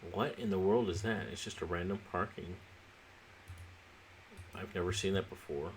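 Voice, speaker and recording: A man with a very low voice gives relaxed, halting commentary while he plays a city-building game, thinking aloud as he goes. He sounds a little sleepy, and faint noise sits under the recording. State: sleepy, yawning. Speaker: let's play host. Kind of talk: casual gameplay commentary.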